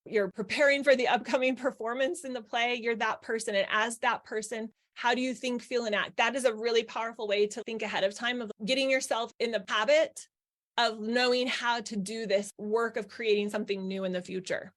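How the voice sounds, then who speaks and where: A woman with a fairly high voice leads a live parenting workshop. She is middle-aged and coaches her listeners by asking questions and answering them herself. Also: fairly even intonation, brisk, fairly bright tone.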